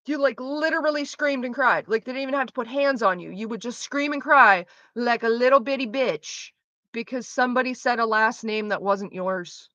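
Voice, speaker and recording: A woman with a bright, sharp, fairly high voice chats as a streamer, swearing freely and venting sarcastically. The sound is dry and a little muffled, close to a desk mic. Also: normal speed, no echo. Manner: profane, ranting, sarcastic. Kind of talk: casual chat.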